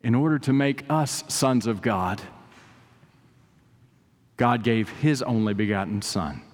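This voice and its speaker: A man preaching a sermon as pastor, with dramatic swings between soaring emphasis and hushed, drawn-out lines. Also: medium pitch, expressive. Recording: long reverb of a large hall.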